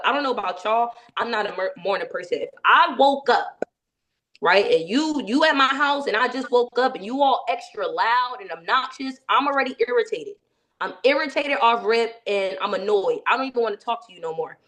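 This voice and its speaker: Brief: higher-pitched woman running a sales training, lively coaching tone with frequent check-ins. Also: moderate pace. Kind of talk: training session.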